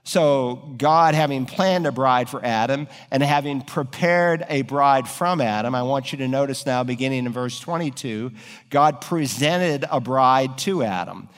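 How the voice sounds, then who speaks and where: A man's voice: medium pitch, moderate pace, few pauses, clean tone. Man preaching in a reverberant hall. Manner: preaching with rising emphatic peaks. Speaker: pastor. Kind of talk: sermon.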